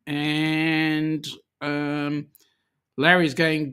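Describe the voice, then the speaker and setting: Slow-talking Australian-accented host. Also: male voice, on the high side, fairly bright tone. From South Africa. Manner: reads viewer comments aloud, chatty, many ums. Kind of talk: livestream chat.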